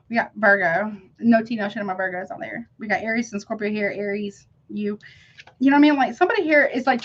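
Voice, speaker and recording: A woman's voice: on the high side, muffled recording. Slangy, emphatic woman reading tarot. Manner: emphatic, slangy, keeps asking "you see what I'm saying?". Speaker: tarot reader. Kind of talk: casual tarot reading to camera.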